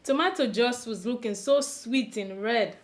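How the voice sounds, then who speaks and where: A woman's voice: on the high side, unhurried, slight background noise. A woman with a Nigerian accent, co-hosting a comedy show, who reads viewer emails aloud with chatty, amused asides. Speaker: co-host reading viewer emails. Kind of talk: reading emails aloud with banter.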